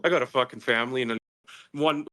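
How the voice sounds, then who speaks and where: A middle-aged man telling a story as a podcast guest, casual and profane, animated as he recounts events. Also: medium pitch, fast talker, a little hiss or hum.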